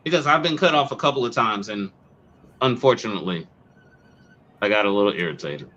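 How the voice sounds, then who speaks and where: Profane, animated man telling a story. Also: fairly low pitch, brisk, slight background noise. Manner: profane, animated, repeats words. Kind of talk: casual ranting storytelling. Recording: dull lo-fi sound.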